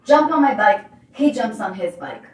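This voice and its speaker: Brief: expressive woman motivational coach, story-driven delivery, recorded from a distance in a roomy space. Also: mid-range voice, moderate pace. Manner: emphatic, animated storyteller. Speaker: life coach.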